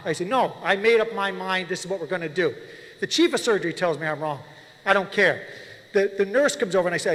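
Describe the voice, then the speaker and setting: A man with a notably high voice delivers confrontational testimony at a public hearing, pressing officials point by point. His words ring out with a long reverb from the hearing room. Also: quick pace. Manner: forceful, confrontational, addresses officials directly.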